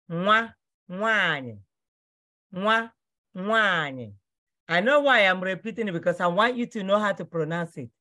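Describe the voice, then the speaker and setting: A woman teaching vocabulary, drilling each word slowly and repeating it for pronunciation. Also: medium pitch, a bit bright. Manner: slow, repetitive drilling of words for pronunciation. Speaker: language teacher. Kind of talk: vocabulary lesson.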